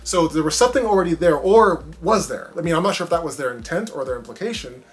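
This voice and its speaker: A man with a slightly high voice gives a casual, talky movie review. He is animated, punching up his points and then dropping into muttered asides, while faint music plays underneath. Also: fast.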